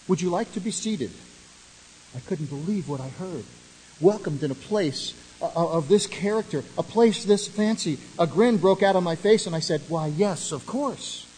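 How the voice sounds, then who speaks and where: A man preaching a sermon, telling a story with dramatic rises and sudden drops to a hush. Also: a little high, in a large hall, a little hiss or hum, rough recording. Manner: dramatic storytelling, swelling then dropping to near hush. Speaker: pastor.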